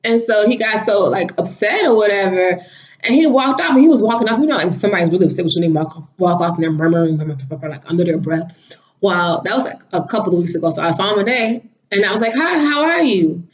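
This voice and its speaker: A woman vlogging casually, telling a story in a chatty, animated way and laughing now and then. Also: medium pitch, fast talker. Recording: slightly dull lo-fi audio.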